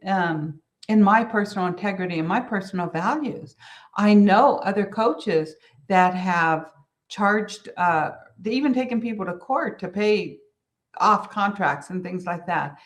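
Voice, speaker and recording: A woman business coach talks straight to her listeners in an earnest, conversational way. She circles back to repeat her main points and mispronounces some words along the way. Her voice sits at an ordinary middle pitch. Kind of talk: solo business advice talk.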